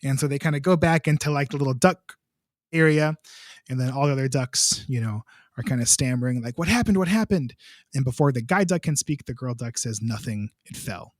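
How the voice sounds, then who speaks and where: A young adult male composer, appearing as a podcast guest, tells a long story in a casual, rambling style packed with filler words. His medium-pitched voice moves fairly quickly, and the studio recording is clean with no echo.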